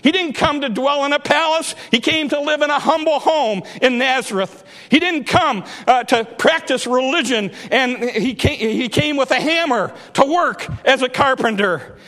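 A male preacher delivering a dramatic sermon, building to shouts and repeating phrases for emphasis. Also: very high-pitched, normal speed, few pauses, long reverb tail.

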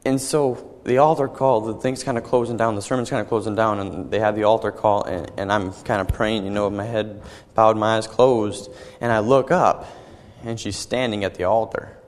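A young man giving an earnest personal testimony as a sermon, halting and often repeating his words. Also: lowish voice, steady tone, big-room sound. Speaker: young preacher.

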